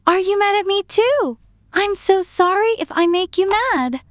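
A very high, squeaky voice for a gushing, attention-seeking young woman, played by a woman. She sounds fake-innocent and dramatic, in a storytime cartoon. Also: animated, moderate pace.

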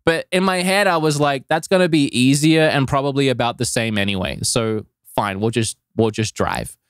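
A man co-hosting a podcast, telling a travel story in a rambling, animated way with lots of filler words. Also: medium pitch, moderate pace, smooth, no echo, clean studio sound. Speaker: podcast co-host. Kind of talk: casual storytelling chat.

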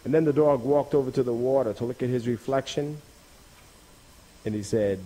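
A man telling a folk tale in a rhythmic, repetitive, expressive storytelling style. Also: medium pitch, normal speed, pauses often.

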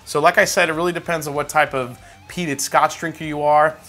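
Man, whiskey review vlog, bright forceful voice, slightly high, relaxed tasting chat. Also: brisk, faint music behind. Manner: relaxed, tasting between remarks.

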